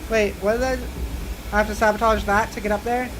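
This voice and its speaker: A woman's voice: medium pitch, fairly even intonation, brisk, noisy background. A young woman streamer giving casual, jumpy commentary on a horror game and talking to her chat. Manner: chatty and jumpy, talks to chat.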